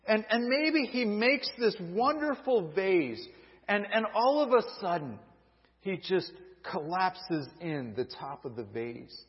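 A man's voice: high-pitched, sing-song, slow pace. A man preaching a sermon, reading scripture and acting out voices of those who question God. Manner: reads scripture, acts out quoted voices. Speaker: pastor. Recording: dull lo-fi audio with long hall reverb.

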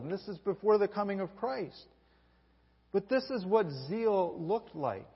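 A man with a high voice preaches a lively sermon, throwing himself into the story and voicing the characters he quotes. The sound is dull and muffled, with a long reverb trailing off in a big hall.

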